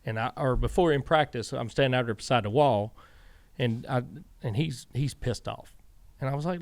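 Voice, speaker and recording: A former crew chief, guesting on a podcast, tells long stories in a casual interview at a medium pitch and normal speed. He's an animated storyteller who acts out what each person said.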